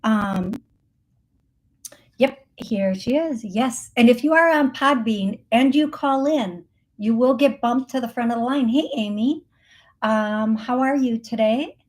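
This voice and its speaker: A fairly high-voiced woman runs a live call-in psychic reading show at an unhurried pace. She rambles with plenty of ums and restarts. She laughs easily as she talks. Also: a little mellow. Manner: chatty and rambling, with frequent fillers and self-corrections.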